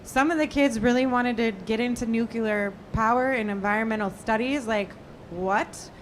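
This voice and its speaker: A woman's voice: on the high side, moderate pace, slight background noise. Earnest enthusiastic woman panel guest. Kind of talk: casual panel chat. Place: trade show lounge studio.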